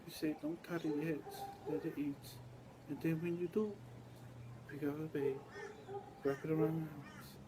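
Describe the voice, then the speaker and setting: A man's voice: fairly high pitch, fairly even intonation, moderate pace, long pauses, very noisy. A man giving a rambling, repetitive monologue, sometimes spelling words out letter by letter.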